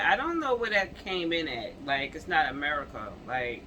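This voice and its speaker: A man hosting a channel, reading a news story aloud haltingly with stumbles and restarts, breaking off for casual comments to viewers while coughing and clearing his throat. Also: fairly high pitch, big pitch swings, pushed and bright, muffled recording, a little hiss or hum.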